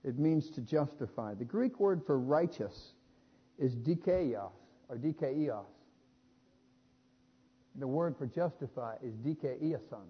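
A man preaching a sermon, building to louder emphatic points and adding small jokes. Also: medium pitch, animated, slow, pauses often, slightly rough. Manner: emphatic, rising loud on key points, with jokes. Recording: dull sound with long hall reverb.

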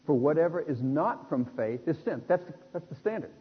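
Male preacher, expressive sermon delivery; slightly raised pitch, long hall reverb, dull recording. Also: brisk, husky. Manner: animated, acts out the people in the text.

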